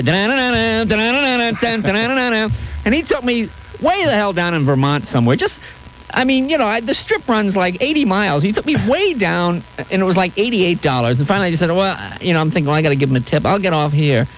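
A man's voice: sits high, fast, slight background noise, low-quality recording. A man telling anecdotes as a comedian guest in an interview, acting out the voices of people in his stories. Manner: animated, acts out voices in stories.

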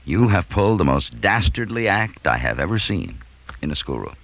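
A man's voice: sing-song, normal speed, no room sound, exaggerated voice. Man doing a pompous, stern old principal. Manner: pompous, severe, low and quiet. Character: stern older male school principal, pompous and outraged.

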